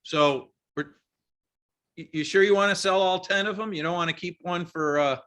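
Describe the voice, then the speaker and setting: Man, meeting host, higher voice, bright and forceful, calls on people in turn. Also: moderate pace. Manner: calls on participants one by one. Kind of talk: casual online meeting chat.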